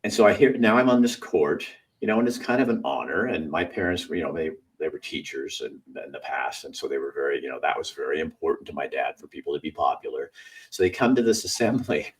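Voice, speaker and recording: A middle-aged man hosting a casual conversation, an animated storyteller who acts out voices and laughs often. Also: extremely low pitch, fast, recorded from a distance. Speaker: host.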